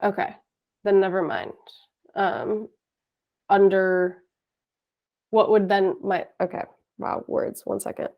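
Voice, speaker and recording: A woman's voice: mid-range voice, expressive, slow pace, gravelly, long pauses, highs cut off. A woman student on a video call, asking questions hesitantly and searching for words. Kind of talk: asking questions in a tutoring session.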